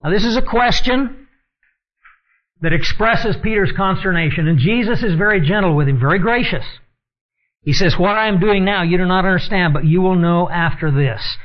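Earnest male Bible teacher, lo-fi recording. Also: fairly high pitch. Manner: earnest teaching tone, reads scripture aloud. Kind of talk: sermon. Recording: dull lo-fi recording.

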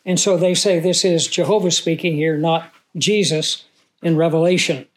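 A man preaching a Bible teaching sermon in a conversational way, asking the audience questions and reading scripture slowly with emphasis. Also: a little high, fairly even intonation, a little hiss or hum. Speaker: pastor.

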